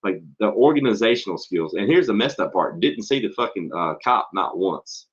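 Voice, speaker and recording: This is a blunt man with a low, deep voice who swears freely and tells stories with animated energy. He is a schoolteacher chatting on a casual show. The recording sounds dull and lo-fi. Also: moderate pace, slightly rough. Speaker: podcast host and school teacher. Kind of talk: casual profane chat.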